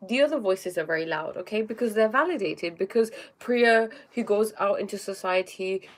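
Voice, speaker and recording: A woman's voice: medium pitch, expressive, normal speed. Woman chatting on a spiritual livestream. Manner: often tags sentences with "okay?"; reads viewer comments aloud and greets them. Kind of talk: casual livestream talk.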